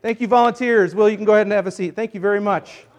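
A man preaching a sermon as a pastor, playful and energetic, joking with volunteers while acting out a Bible story. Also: high-pitched, very fast, a little hiss or hum. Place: church service.

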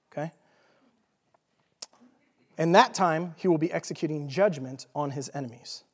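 A man's voice: fairly high pitch, normal speed, long pauses. A man with a Texan accent preaching a casual, jokey teaching sermon, often checking in with his listeners by asking "okay?". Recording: long reverb of a large hall.

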